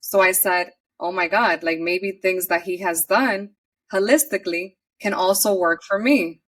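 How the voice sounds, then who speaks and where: A woman with a slightly low voice tells her own story as a podcast guest. She is earnest and chatty, often slipping into the words she once said. Her voice sits a little back from the microphone. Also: measured pace, fairly bright tone, far from the mic. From New York City. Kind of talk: personal storytelling in an interview.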